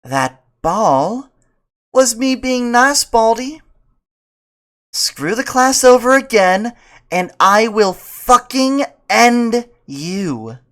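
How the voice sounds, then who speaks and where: A man putting on a tough young gator woman, high put-on voice, slow, loud, threatening.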